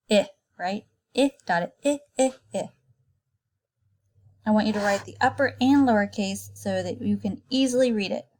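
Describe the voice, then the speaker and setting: A woman kindergarten teacher leads a recorded phonics lesson at an unhurried pace, drawing each word out slowly. Her voice sits at a middle pitch. She is patient and clear, and she breaks simple words into their sounds for small children. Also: darkish tone.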